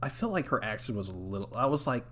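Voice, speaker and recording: A man's voice: mid-range voice, sing-song, fast, a bit bright, slight background noise. An American man co-hosting a podcast, chatting casually, laughing often and acting out quotes. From United States. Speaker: podcast co-host. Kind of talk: casual chat.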